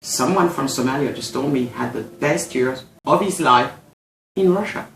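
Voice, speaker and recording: In an echoey room, a French woman with a bass voice and vocal fry talks at a moderate pace. She speaks with a French accent in a casual discussion, hesitant and restarting often as she hunts for words.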